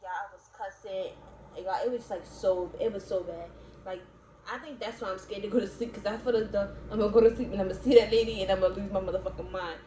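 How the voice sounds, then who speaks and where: A young woman from Baltimore, USA, vlogs in a warm, steady, mid-range voice, talking fast. She rambles casually to her viewers, full of "like," "y'all" and laughs, in an echoey space with faint background noise.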